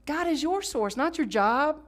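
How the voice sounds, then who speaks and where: A woman pastor preaching a sermon, swinging from loud emphatic lines to hushed whispers and leading call-and-response. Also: sits high, expressive, unhurried. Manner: leads the congregation in call-and-response; conversational, with laughs and asides.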